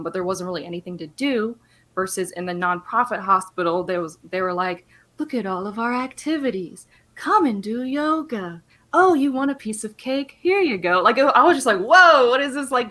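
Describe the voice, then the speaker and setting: A woman's voice: mid-range voice, sharp tone. A young adult woman guest on a video call, speaking casually with many fillers and frequent laughs. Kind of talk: casual interview talk.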